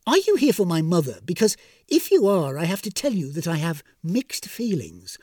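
A man's voice: high voice, huge pitch swings, normal speed, darkish tone, dry recording, studio quality, full character voice. A man voicing a cheeky young woman who teases and rattles off questions. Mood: chattering.

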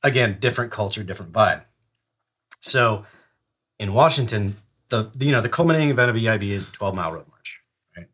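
This middle-aged man, a retired Army Ranger on a podcast, has a lowish, husky, slightly bright voice. He's animated and a little fast, with long pauses, telling a long story in casual, profane talk and laughing as he goes.

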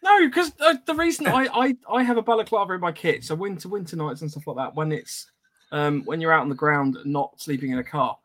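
A fairly high-voiced man hosting a podcast, reading comments aloud to his co-hosts. He chats loosely and breaks into laughter easily. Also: animated, a little fast, fairly bright tone. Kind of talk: casual chat.

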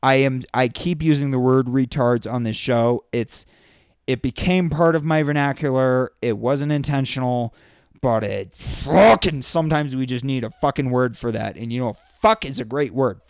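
At a moderate pace and with a clean tone, a man hosts a show in a studio-quality recording with no echo. He rants in exasperation, cursing as he goes and switching into mocking, high-pitched impressions.

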